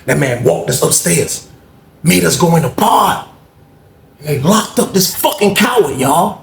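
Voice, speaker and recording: A man casually telling a story, animated and acting out the people he quotes in a higher voice. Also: a little slow, vocal fry. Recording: echoey room with faint noise.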